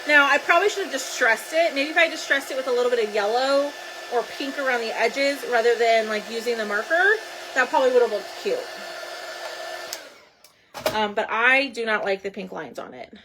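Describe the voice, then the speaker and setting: A woman's voice: on the high side, brisk, noisy background. A woman hosting a casual crafting livestream, chatting and thinking aloud as she works. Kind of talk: casual live crafting chat.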